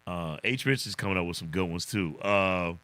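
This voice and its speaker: A livestream host with a low, bright, forceful voice reads viewer comments at a normal speed in a relaxed way. He chuckles often and keeps saying "man." The recording is dry.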